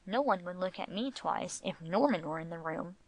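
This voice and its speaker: A woman's voice: on the low side, animated, normal speed, dry recording. A woman voicing a playful, teasing middle-aged husband in a storybook reading.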